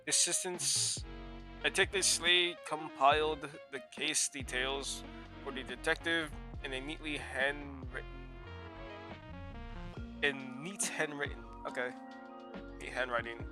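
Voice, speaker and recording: A man's voice: a little high, fairly even intonation, measured pace, pauses often, over music. A man streaming a game, reading the text aloud while sick, stumbling and correcting himself.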